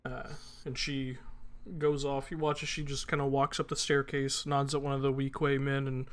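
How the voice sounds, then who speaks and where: A man's voice: mid-range voice, completely flat delivery, normal speed. A man narrating a tabletop game as game master, casual and hesitant, full of fillers.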